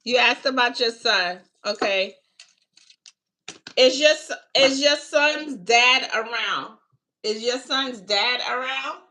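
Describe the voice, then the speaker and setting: Slow easygoing lady doing live tarot, bright voice, calls everyone honey. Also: a little high. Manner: calls viewers baby and honey, unhurried and chatty. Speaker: tarot reader taking live questions. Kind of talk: casual live-stream tarot reading.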